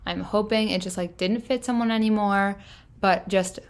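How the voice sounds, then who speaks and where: A woman's voice: medium pitch, steady tone, normal speed. A young woman casually narrating her thrift-shopping trip, chatty and enthusiastic, with plenty of filler words. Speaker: fashion vlogger. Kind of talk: casual thrift-haul voice-over.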